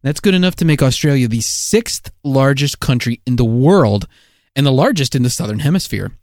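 A man's voice: mid-range voice, lively intonation, normal speed, darkish tone, no echo, studio quality. Wry man reading a comedy podcast script. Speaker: podcast co-host. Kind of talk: jokey scripted podcast narration.

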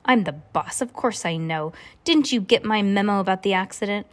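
A woman's voice: mid-range voice, lively intonation, normal speed, close to an everyday voice. Woman reading as a bossy, curt mill boss. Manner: curt, barking orders. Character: bossy impatient male lumber mill boss.

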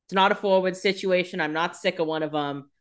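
A woman's voice: lowish voice, fairly quick, clear, resonant tone. A woman co-hosting a casual podcast who makes jokey asides and laughs often. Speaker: podcast co-host. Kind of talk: casual recap chat.

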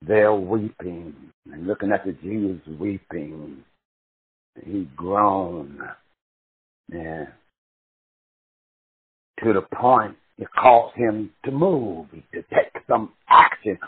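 A man preaching a sermon with passion, swinging from shouted cries to hushed murmurs and drawing out words slowly. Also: low-pitched, slightly rough. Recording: tinny phone-like recording.

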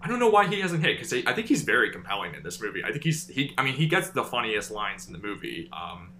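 A man's voice: fairly low pitch, big pitch swings, quick pace, bright, forceful tone, slight background noise. A man hosting a casual film discussion podcast, chatty and enthusiastic, with lots of filler words. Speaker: podcast host.

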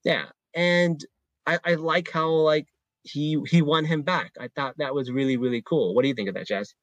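A man's voice: a little high, moderate pace, no echo, muffled recording. A man co-hosting a podcast in casual chat, enthusiastic and slangy, full of "like" and "you know". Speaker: podcast co-host.

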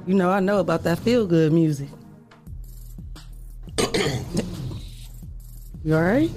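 A co-host talking casually in a radio studio, lively and quick to laugh, who also reads a news story aloud. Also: female voice, fairly low pitch, faint music behind.

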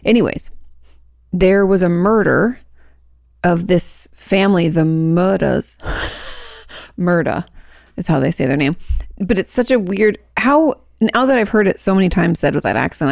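Chatty low-voiced woman with gravelly edge. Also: animated, moderate pace, darkish tone, no echo, studio quality. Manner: chatty, rambling storyteller with lots of fillers. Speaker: podcast co-host. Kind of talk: casual chat.

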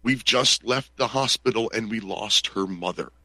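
A man's voice: on the low side, moderate pace, bright, forceful tone, dry recording. A man in casual conversation, telling a story animatedly and acting out the quoted lines.

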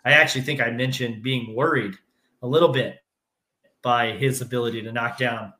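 A man, a high school basketball coach, co-hosting a sports podcast with relaxed, chuckling analysis. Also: normal speed. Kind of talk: casual sports podcast chat. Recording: echoey room.

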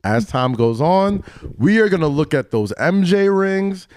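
A man co-hosting a podcast, arguing a point in a casual chat, animated and full of restarts. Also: sits high, measured pace, no room sound, clean studio sound. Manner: animated, argumentative, restarts often.

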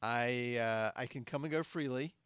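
A man's voice: mid-range voice, normal speed, fairly bright tone, clean tone, no room sound, studio quality. A man hosting an improvised comedy podcast, giggly and eager as he plays along. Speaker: podcast host.

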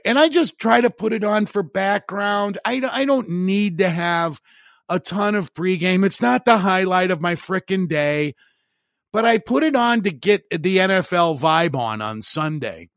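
A middle-aged man talks sports on his podcast, blunt and opinionated, with a wry edge and plenty of restarts. His voice sits a little higher than most men's. The sound is dry and close, with no room around it. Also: lively intonation, normal speed, no room sound. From Chicago area. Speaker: podcast host. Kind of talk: sports talk monologue.

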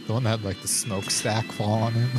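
A man co-hosting a comedy podcast, cracking jokes and reacting quickly in casual banter. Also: lowish voice, steady tone, loud music behind the voice. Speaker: podcast co-host.

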